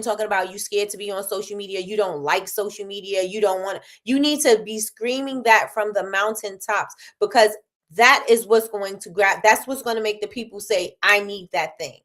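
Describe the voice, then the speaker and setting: A woman hosting a casual livestream, talking business with lots of repetition and reading out chat comments. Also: mid-range voice. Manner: animated, repeats phrases, reads chat aloud. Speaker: livestream host.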